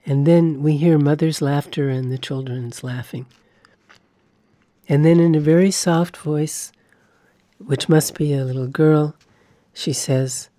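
A woman reading a spiritual talk aloud in a measured, earnest way. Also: low voice, steady tone, dark tone, no room sound, studio quality. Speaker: reader.

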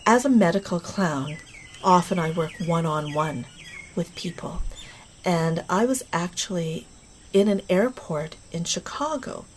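A woman who works as a medical clown, telling a story in an interview in a gentle voice that often drops to a near-whisper. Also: on the low side, a little hiss or hum. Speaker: medical clown and laughter leader.

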